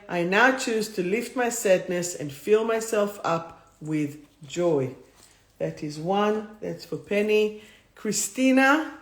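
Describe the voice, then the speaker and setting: A woman hosting a live stream as a spiritual coach, reading out cards and repeating affirmations with emphasis. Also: mid-range voice. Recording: roomy echo.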